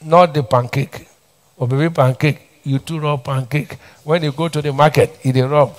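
The sermon comes from a middle-aged Nigerian pastor in a church hall whose voice is a little high, fairly even in intonation and moderately paced. He uses repetition and call-and-response questions directed at the congregation.

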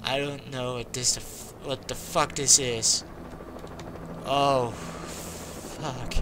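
A young man frantically commenting on a horror game he is playing, swearing and yelling at what happens on screen. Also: mid-range voice, fairly even intonation, slow, background noise. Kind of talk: frantic let's-play commentary. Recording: game music loud behind the voice.

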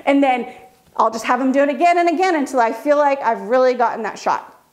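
Woman, portrait photographer, casual tutorial, chatty, fairly high voice. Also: quick pace. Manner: chatty, acts out kids' reactions.

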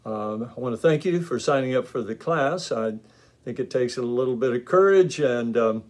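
A man's voice: mid-range voice, lively intonation, moderate pace. A man in his fifties with a West Texas drawl, lecturing as an art instructor in a chatty, folksy way full of ums and uhs. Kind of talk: recorded online lecture.

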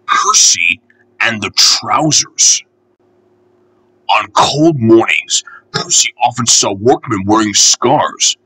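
A man reading a children's storybook aloud, gentle, unhurried and expressive. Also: fairly low pitch, slightly rough, rough recording.

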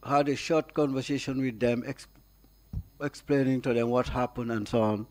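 A man with a Gambian accent testifying at a formal hearing, answering questions haltingly with frequent pauses and restarts. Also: medium pitch, steady tone, darkish tone. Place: hearing room.

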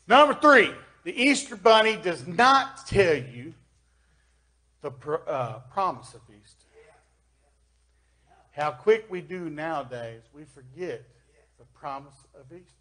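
A man with a Southern US accent preaching a sermon in church, folksy, reading scripture and swinging between loud emphasis and quiet asides. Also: high-pitched, animated, a little slow, pauses often. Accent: Kentucky Southern US.

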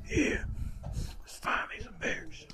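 A man's voice: slow, noisy background. A man vlogging outdoors in the cold at a national park, talking in a slangy, profane way. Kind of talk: hushed vlog narration. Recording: loud music over the voice.

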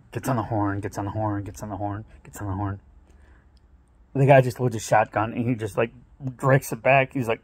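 Middle-aged Midwestern man, gravelly voice, dry close sound, casual storyteller who laughs often. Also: lowish voice, no room sound. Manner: laughs often, acts out quotes in raised voice. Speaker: vlogger telling stories.

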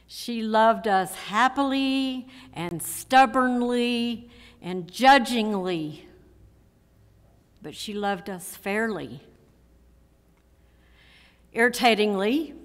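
A woman in her sixties gives a memorial eulogy for her mother in a church, speaking in an emotional, measured way with repeated phrases. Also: mid-range voice. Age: 60s. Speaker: daughter giving a eulogy. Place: church sanctuary. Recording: long church hall reverb.

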